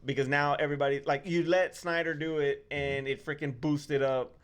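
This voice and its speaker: A man co-hosting a casual film review podcast, easygoing and quick to laugh. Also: a little high, little pitch movement, clear, resonant tone. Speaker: podcast co-host.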